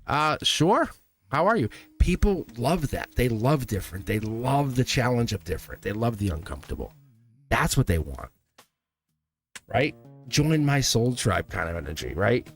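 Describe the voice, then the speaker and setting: A man's voice: fairly low pitch, big pitch swings, moderate pace, vocal fry, slightly rough, soft background music. A man hosting a casual tarot reading livestream from his studio, talking in a rambling, chatty way and laughing often. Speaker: tarot reader and host.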